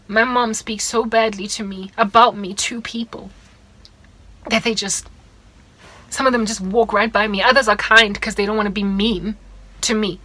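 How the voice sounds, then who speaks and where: A woman's voice: fairly high pitch, fairly even intonation, normal speed, pushed and bright, rough recording. Earnest young South African woman. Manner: earnest, hurt, confiding. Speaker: vlogger. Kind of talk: personal testimony vlog.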